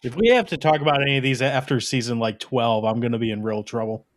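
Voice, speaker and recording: A man's voice: mid-range voice, fast, slight background noise. A man co-hosting a casual podcast, chiming in with dry, teasing banter. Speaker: podcast co-host.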